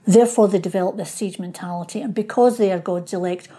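A woman's voice: mid-range voice, quick pace, mellow, breathy edge. A woman historian explaining things in an interview, sometimes acting out the people she describes. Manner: explanatory, acts out quoted voices. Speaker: local historian guest.

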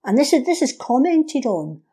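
A woman with a mellow, warm voice talks through history in a relaxed podcast conversation. She tells it like a lively story and slips into the voices of the people she quotes. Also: sits high, normal speed, breathy edge. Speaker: guest explaining history. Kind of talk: casual history podcast chat.

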